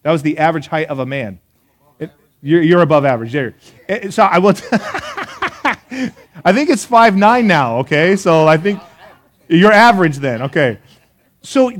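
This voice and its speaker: A pastor preaching a sermon to a live congregation, an animated storyteller who talks straight to his listeners with questions and laughs at his own jokes. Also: on the high side. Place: church service before a live congregation.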